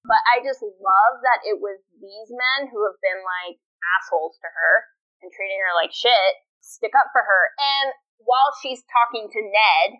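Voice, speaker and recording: A woman co-hosting a podcast in casual chat, animated and swearing freely as she acts out quotes. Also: mid-range voice, moderate pace, rough recording. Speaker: podcast co-host.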